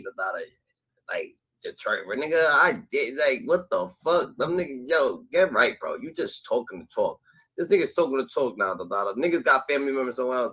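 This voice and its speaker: Young male reaction streamer; brash, fast, bright and a little husky, mocking tone. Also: mid-range voice, poor audio. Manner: loud, cursing, mocking, repeats catchphrases. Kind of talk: animated live reaction commentary.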